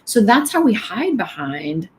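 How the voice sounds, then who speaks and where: A woman's voice: medium pitch, very animated, a little slow, slight background noise. A middle-aged woman giving a candid, conversational motivational talk at a women's event, with many fillers. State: tearful at times.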